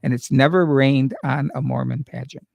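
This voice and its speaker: A man's voice: mid-range voice, fairly even intonation, moderate pace, creaky, a little mellow, no echo. A man hosting an interview, telling stories in a chatty way and repeating his words as he starts sentences. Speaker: interview host. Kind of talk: casual interview chat.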